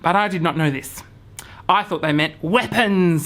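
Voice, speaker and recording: A young man vlogs a comic story to camera, acting out his own panic through hushed whispers, swearing and sudden shouts. His voice is high and his pace moderate.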